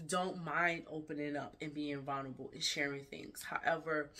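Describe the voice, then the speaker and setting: A woman's voice: low-pitched, bright, forceful tone. A woman vlogger giving an earnest, emotional, candid life update to her viewers, indoors at night. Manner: earnest, emotional and frank, with repeated restarts. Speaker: fashion vlogger and designer.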